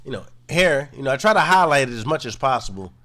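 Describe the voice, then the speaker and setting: A man giving casual commentary, relaxed and low-key, full of "you know" fillers. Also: fast.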